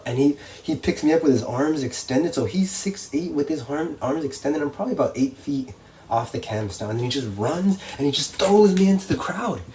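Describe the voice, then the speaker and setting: Young man, pro wrestler, casual storytelling, animated, slightly distant mic, faint background noise. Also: medium pitch. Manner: animated, acts out voices and crowd reactions. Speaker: professional wrestler.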